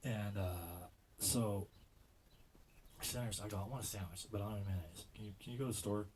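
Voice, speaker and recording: A man doing a stand-up routine, rambling and stammering as he tells stories, jumping into loud quoted voices. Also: lowish voice, fairly quick, slight background noise, rough recording. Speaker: stand-up comedian.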